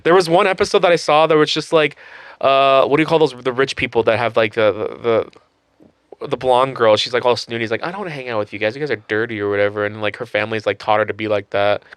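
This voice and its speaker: A man's voice: mid-range voice, steady tone, fast talker, fairly bright tone, clear, resonant tone, no echo. A young man co-hosting a podcast, rambling casually, searching for words and laughing often. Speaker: podcast co-host. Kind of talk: casual chat.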